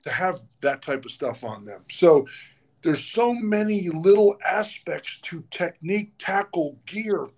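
Higher-voiced fishing guide, man. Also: animated, a little slow, darkish tone. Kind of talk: casual interview talk.

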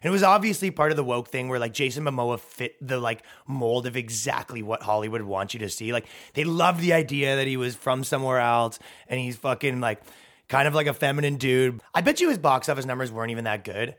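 A man's voice: medium pitch, lively intonation, fairly quick, fairly bright tone. A man hosting a comedy podcast, riffing in a rambling, profane, sarcastic way. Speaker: podcast host.

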